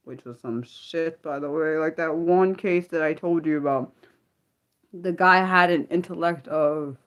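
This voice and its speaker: A woman hosting an unscripted livestream, talking heatedly and swearing freely, swinging between fired-up outbursts and low muttering. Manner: swears freely, lots of restarts. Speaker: livestream host.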